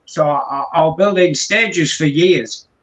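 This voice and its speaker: A man's voice: a little high, a little slow, poor audio. Rambling man, middle-aged. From England. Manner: rambling storyteller, keeps saying "do you know what I mean". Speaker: guest. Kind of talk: casual chat.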